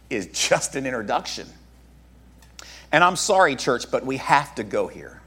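Lively, animated man preaching a sermon. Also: high voice. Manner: conversational, joking asides to the congregation. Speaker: pastor.

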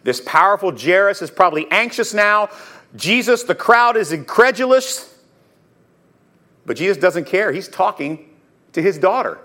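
Pastor guy preaching, emotional and earnest, a bit higher voice. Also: lively intonation, moderate pace, sharp tone. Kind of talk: sermon.

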